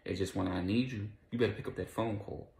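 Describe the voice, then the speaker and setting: A man voicing a weary, hushed cop nearing retirement, in an echoey room. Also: lowish voice, fast, gravelly.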